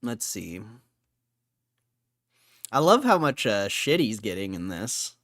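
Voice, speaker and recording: A man's voice: fairly low pitch, sing-song, slow, fairly bright tone. Laid-back man reading comments aloud. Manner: casual, laughs often, says bro. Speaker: livestream host.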